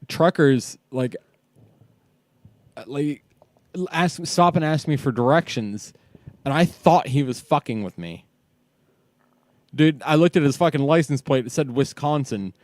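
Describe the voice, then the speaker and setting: A man's voice: fairly high pitch, lively intonation, takes it slowly, pauses often, darkish tone, no room sound. A man from Ohio, a father, telling stories with lots of swearing and laughter in a casual podcast chat. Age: parent of young kids. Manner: profane, storytelling, laughs often. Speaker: podcast co-host.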